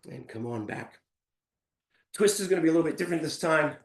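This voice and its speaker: A male fitness instructor leading a live workout class, counting reps aloud and giving calm step-by-step cues while out of breath. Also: a little high, brisk, roomy sound.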